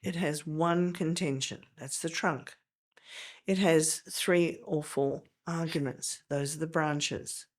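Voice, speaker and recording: A woman's voice: deep voice, steady tone, takes it slowly. An older woman, a veteran teacher explaining in a podcast interview, emphatic and step by step.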